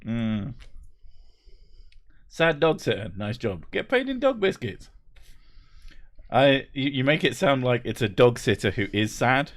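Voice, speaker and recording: A man's voice: medium pitch, unhurried. Sweary joking man on stream. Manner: sweary, joking, laughs often. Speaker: livestream host. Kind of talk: casual chat reading chat messages.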